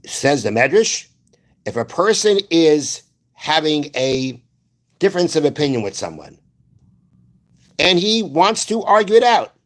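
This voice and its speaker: Hombre que explica con calma y repite frases. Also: male voice, fairly high pitch. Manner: explains slowly, repeats phrases, quotes Hebrew verses. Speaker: rabbi. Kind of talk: Torah class.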